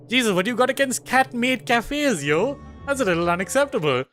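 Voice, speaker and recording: A man giving let's play commentary, excitable, profane and self-mocking. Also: sits high, normal speed, hardly any pauses, soft background music. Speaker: gamer.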